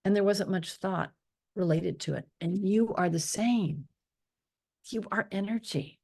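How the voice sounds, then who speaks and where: A woman leading a guided meditation, speaking softly and slowly and often slipping into a whisper. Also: mid-range voice, vocal fry, breathy edge. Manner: slow, soft and drifting, often dropping to a whisper on affirmations. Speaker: spiritual teacher leading a meditation.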